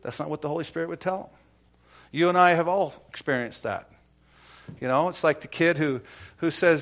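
A middle-aged man preaching a sermon, telling stories from his time as a police negotiator, dropping to a low confiding tone and then building to loud, rising exhortation. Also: a little fast, long pauses. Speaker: pastor, former police negotiator. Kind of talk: sermon with storytelling. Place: church.

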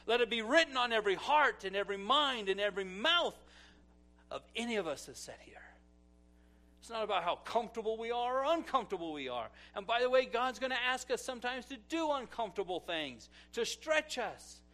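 Very high-pitched and animated, this middle-aged pastor delivers his sermon a little fast. He tells stories and acts out quotes, moving between loud exclamations and quiet asides.

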